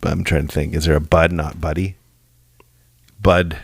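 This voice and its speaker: A man co-hosting a podcast in casual chat, easygoing and quick to laugh, with plenty of fillers. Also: extremely low pitch, level tone, vocal fry, slightly rough. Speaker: podcast co-host.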